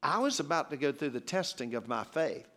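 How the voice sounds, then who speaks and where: A man delivers a sermon as a visiting preacher, weaving personal stories with humor. His voice sits a bit high and moves through a wide, lively range of pitch. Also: a little fast, creaky. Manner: animated, humorous storyteller. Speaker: guest preacher.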